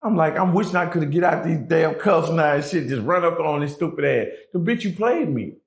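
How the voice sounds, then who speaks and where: A man's voice: on the high side, brisk, gravelly. A middle-aged man, a guest, telling a prison story in casual, profane street talk, acting out the people he quotes.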